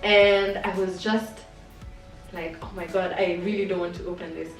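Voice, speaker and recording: A woman's voice: on the low side, fairly even intonation, moderate pace, creaky, far from the mic. A young adult woman telling a personal story to camera in a candid, chatty way, with many fillers. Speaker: vlogger. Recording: roomy sound from off-mic, faint music.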